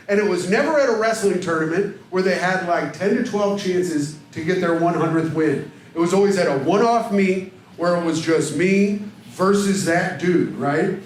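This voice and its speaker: A man in his thirties from Indiana telling self-deprecating stories in a stand-up set, jumping into loud character voices. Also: high voice, slight background noise. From Indiana, USA. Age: 30s. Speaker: stand-up comedian hosting a show. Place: comedy club stage. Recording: very echoey live club recording with audience laughter. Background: crowd laughter.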